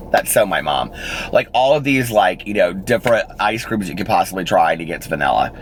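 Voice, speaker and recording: A man's voice: deep voice, fairly quick, slight background noise, poor audio. Chatty man telling a story. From United States. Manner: chatty, animated, acts out quoted people in raised voices. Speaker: vlogger. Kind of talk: casual storytelling vlog.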